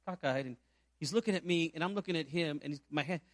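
Male pastor from Puerto Rico, high voice, dry close sound, preaches in a storytelling style with rhetorical questions. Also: fast, no echo. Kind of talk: sermon.

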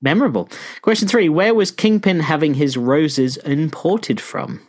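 A man's voice: a little high, animated, unhurried, a little mellow. A man co-hosting a podcast, quizzing his co-host in casual chat and laughing often as he teases him. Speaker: podcast co-host running a quiz.

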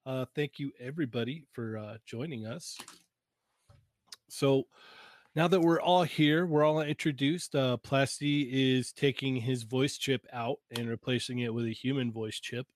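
A man's voice: medium pitch, fairly even intonation, a little slow. A man hosting a casual group livestream, upbeat and laughing easily as he reads viewer messages. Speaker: livestream host.

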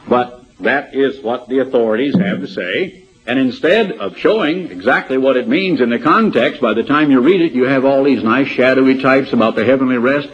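Husky-voiced man preaching conversationally. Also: medium pitch, lively intonation, moderate pace. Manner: conversational, with asides and rhetorical questions. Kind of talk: sermon with Bible reading. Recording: dull lo-fi sermon tape.

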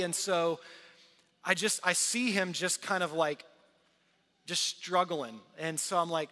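A man's voice: sits high, moderate pace, sharp tone. A middle-aged man preaching a sermon to his congregation, earnest and conversational, often restarting his sentences. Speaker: pastor. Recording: long reverb of a large hall.

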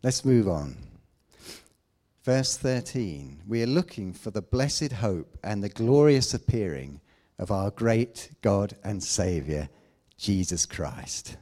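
Male preacher, slow delivery, low mellow voice, emphatic sermon with quiet asides. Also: sing-song. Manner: emphatic, rises to loud declamation then drops to asides.

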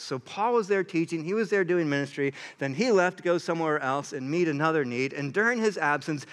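A young man preaching a sermon, earnest and animated, sometimes acting out what others say. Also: fairly high pitch. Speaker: pastor.

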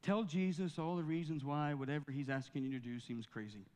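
A man's voice: a little high, fairly even intonation, fairly quick, darkish tone, long reverb tail. A man preaching a sermon in a church, building to fervent scripture reading. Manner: preaching with rising fervor, reading scripture aloud. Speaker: pastor. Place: church sanctuary.

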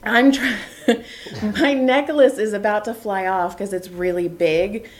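A woman hosting a casual chat in a basement, telling lively stories, acting out the quotes and laughing often. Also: medium pitch, measured pace. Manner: animated storyteller acting out quotes. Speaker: podcast host. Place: basement room.

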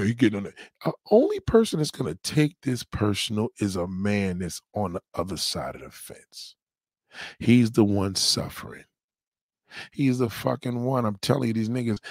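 A man hosting a livestream, ranting loudly and profanely, rambling and repeating his catchphrases. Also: medium pitch, gravelly, dry recording, clean studio sound. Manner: loud, rambling, repeats catchphrases, heavy swearing. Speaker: livestream host.

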